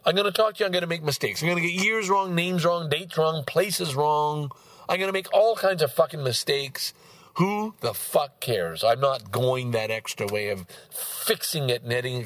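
A man's voice: a little high, moderate pace, fairly bright tone, no echo. A man hosting a solo podcast, rambling bluntly and swearing freely as he drifts from topic to topic. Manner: profane, blunt, digressive. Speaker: podcast host.

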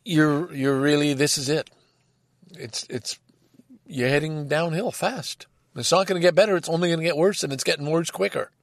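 A man's voice: fairly high pitch, moderate pace, dry recording. An older man telling a rambling, exasperated story in a casual monologue, swearing freely. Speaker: vlogger.

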